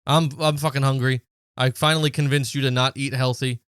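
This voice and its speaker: Deadpan, cursing young man, dry sound. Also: mid-range voice, fairly quick, clear, resonant tone, no room sound. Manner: deadpan storyteller, swears freely. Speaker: podcast co-host. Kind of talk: casual chat.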